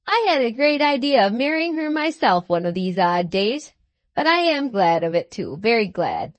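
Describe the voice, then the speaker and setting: A woman voicing a hearty, jolly old country gentleman in an audiobook reading, speaking in a booming, exclamatory way. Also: very animated, normal speed, dry recording. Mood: chatty.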